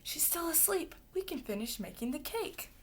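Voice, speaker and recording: Lady whispering tiny sneaky monkeys, whispered role-play, highish, little hiss in the back. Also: very animated, moderate pace. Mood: hushed. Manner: hushed, conspiratorial whisper.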